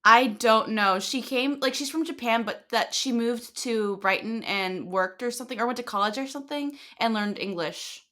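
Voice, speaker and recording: A woman's voice: a little high, moderate pace, few pauses, sharp tone. A woman co-hosting a podcast, chatting casually and laughing at herself. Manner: self-deprecating, laughing. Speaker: podcast co-host.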